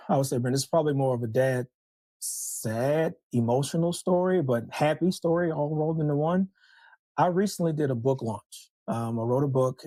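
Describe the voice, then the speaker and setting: A man's voice: medium pitch, dark tone. A middle-aged man talks as a podcast guest in a mid-range voice. He is reflective and often hesitates before going on. The mic is close and the sound is dry, with no room echo. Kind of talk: casual interview.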